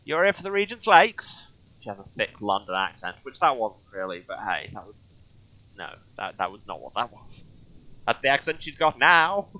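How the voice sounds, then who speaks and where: A man streaming a video game who jokes, exclaims often, and reads the game's story text aloud in a slower, softer voice. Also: on the low side, lively intonation, no echo, low-quality recording. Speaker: let's play streamer. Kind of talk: casual game commentary with text read aloud.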